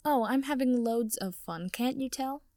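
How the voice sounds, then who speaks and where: A woman's voice: on the high side, normal speed, darkish tone, no echo, studio quality, lightly acted. A woman reading as a sarcastic young wizard. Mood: exasperated. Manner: snappish, sarcastic. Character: sneering young male wizard, prickly and sarcastic.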